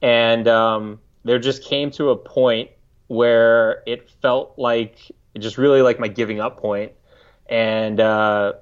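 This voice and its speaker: A man in his thirties from the United States, a podcast guest recalling a story in a halting, reflective way, often restarting his sentences. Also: mid-range voice, smooth. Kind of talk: casual interview storytelling. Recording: slightly dull lo-fi audio.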